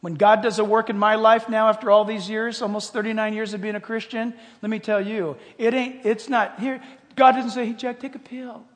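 An older male pastor with a very high voice delivers an animated sermon, jumping from loud exclamations to quiet, hushed asides. His voice rings out with a long reverb in a large hall. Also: fairly quick.

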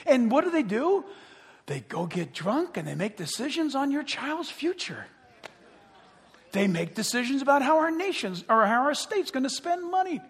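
A man preaching a sermon as pastor, animated and joking, acting out the voices of other people. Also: very high-pitched, slightly rough, long reverb tail.

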